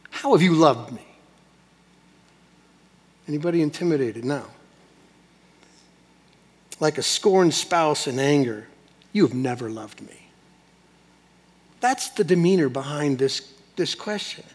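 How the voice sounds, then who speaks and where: Male pastor, emphatic sermon delivery, slightly high voice, long hall reverb. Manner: emphatic, swinging from loud to hushed.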